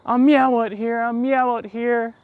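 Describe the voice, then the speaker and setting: A squeaky, playful young guy with a thick New York accent, as a streamer imitates his buddy. The voice jumps well above his normal register and stretches the words out slowly, in a teasing sing-song. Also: little pitch movement, smooth, no room sound, phone-quality sound.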